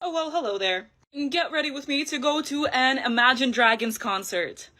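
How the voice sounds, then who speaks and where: A woman vlogger chatting excitedly through a makeup tutorial, laughing often. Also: sits high, moderate pace, over loud music. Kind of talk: casual makeup tutorial vlog.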